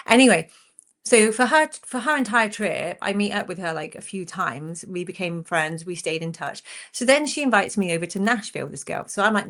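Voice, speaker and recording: A woman's voice: fairly low pitch, a little fast. Chatty woman in her forties. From England. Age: 40s. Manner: chatty, animated storyteller. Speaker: country singer, guest. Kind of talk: casual chat.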